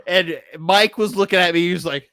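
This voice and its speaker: A man, co-hosting a podcast, telling animated stories full of swearing and laughter. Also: high voice, fairly quick, smooth, dry recording. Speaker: podcast co-host. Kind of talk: casual chat.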